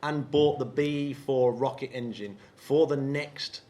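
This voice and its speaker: A man's voice: medium pitch, unhurried, dark tone. A man from England hosting a live podcast on stage, chatty and enthusiastic, often laughing. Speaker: podcast host.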